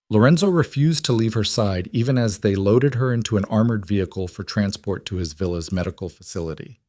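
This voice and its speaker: A man with a low voice narrates a romance audiobook in a smooth, even storytelling manner. The recording is dry and close, with no room sound. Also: no room sound.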